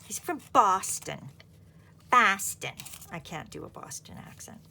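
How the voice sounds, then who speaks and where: Low-voiced woman rambling on while she crafts, slight hiss in the background. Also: very animated, normal speed, gravelly, bright, forceful tone. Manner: chatty, rambling, thinks aloud. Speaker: craft channel host. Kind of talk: casual chat while crafting.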